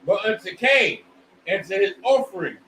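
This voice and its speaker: A man reading scripture aloud in a plain, measured way, heard away from the microphone. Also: high voice, lively intonation, pushed and bright, far from the mic, slight background noise. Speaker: scripture reader. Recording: roomy, off-mic room sound.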